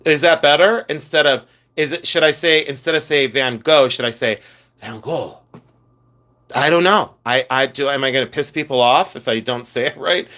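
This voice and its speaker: A man's voice: fairly high pitch, fairly quick. A man hosting a live stream, chatting casually and campily about his jewelry collection and answering viewers' comments. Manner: chatty, campy, animated, talks to viewers' comments. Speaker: podcast host and jewelry collector.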